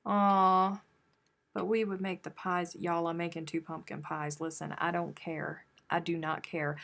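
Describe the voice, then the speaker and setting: A woman with a low, gravelly voice hosts a casual live stream, chatting freely and answering viewers as their comments come in. Her talk jumps between easygoing chatter and loud, animated exclamations. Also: unhurried. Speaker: crochet live-stream host.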